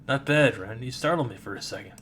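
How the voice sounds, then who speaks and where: A man's voice: medium pitch, fast, slight background noise, close to an everyday voice. A man voicing an easygoing, cheerful teenage boy shaman. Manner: easygoing, relaxed, upbeat.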